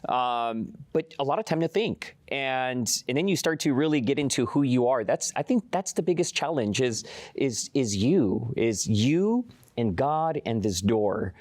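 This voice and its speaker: Animated man telling a story, dry sound. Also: medium pitch, measured pace, no room sound. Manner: animated storyteller, acts out voices in quotes. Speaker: guest. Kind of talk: personal testimony in a studio talk.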